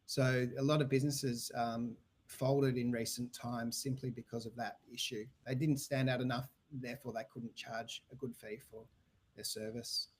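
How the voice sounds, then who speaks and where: A man's voice: medium pitch, level tone, moderate pace. An Australian man answering podcast interview questions about websites and sales, talking in a loose way full of restarts and fillers. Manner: rambling, frequent restarts and fillers. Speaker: guest, website business owner.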